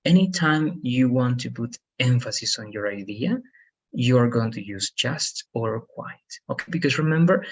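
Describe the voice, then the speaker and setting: Husky man patiently teaching English. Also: medium pitch, a bit bright, rough recording. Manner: patient, repetitive explaining with frequent "all right" and "okay". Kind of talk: one-on-one online lesson.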